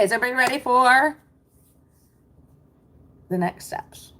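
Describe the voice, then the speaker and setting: A lower-pitched woman talks straight into her computer mic on a livestream. She is a middle-aged American business coach, chatty and reassuring, answering viewers as she reads the chat. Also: animated, normal speed, pauses often, sharp tone, slight background noise.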